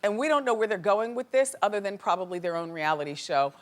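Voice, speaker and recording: A woman talk show host giving an animated, opinionated gossip monologue to a studio audience. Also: mid-range voice, fast.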